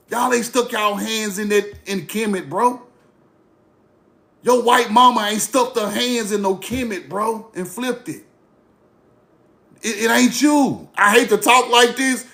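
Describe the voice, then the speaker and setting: A man's voice: high voice, creaky, fairly bright tone. A man ranting casually to his online audience, blunt, profane and mocking, repeating himself for effect. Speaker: online commentator. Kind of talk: casual rant to camera.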